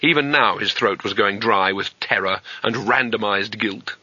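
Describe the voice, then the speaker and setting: A male narrator reads comic fantasy with a lively, expressive voice that is strikingly bright and forceful. The sound is dry and close, and a little dull in tone. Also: on the low side, moderate pace, no echo. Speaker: audiobook narrator. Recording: slightly dull, dry audiobook recording.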